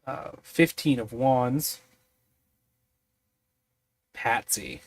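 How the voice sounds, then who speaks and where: A sleepy man thinking aloud in a halting, musing way as he rolls on tables to design a tabletop mystery. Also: medium pitch. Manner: musing, halting, many fillers.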